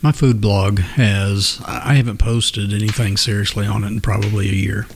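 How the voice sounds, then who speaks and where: A man's voice: lowish voice, fairly even intonation, normal speed, husky. A man co-hosting a casual podcast, talking in an easygoing, rambling way. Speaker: podcast co-host. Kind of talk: casual chat.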